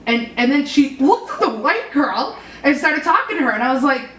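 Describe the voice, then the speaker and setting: A woman hosting a casual panel discussion, telling animated stories and passing the word to each guest. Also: high-pitched, moderate pace. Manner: animated, storytelling, repeats herself when flustered. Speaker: panel host. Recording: roomy, distant mic, noisy.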